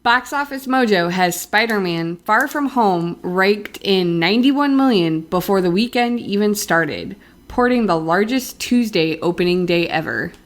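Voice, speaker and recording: A woman's voice: mid-range voice, lively intonation, a little slow. Female podcast co-host, dry and brief, reading news items.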